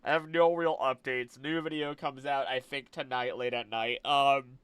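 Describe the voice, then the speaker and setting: A young man chatting casually with his live-stream audience, animated and exclaiming, laughing often. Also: medium pitch, moderate pace, smooth, no echo.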